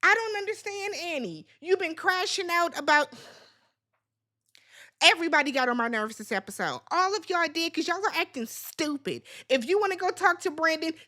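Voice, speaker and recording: A woman's voice: very high voice, animated, moderate pace, pushed and bright. A woman hosting a casual reality TV recap, sassy and blunt, talking straight at the cast members as if scolding them.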